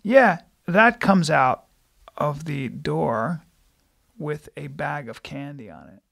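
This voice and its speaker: A middle-aged podcast co-host with a high, gravelly voice full of vocal fry. He reacts loudly and crudely, sometimes shouting. He tells stories with big, animated energy. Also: slow. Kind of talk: casual chat.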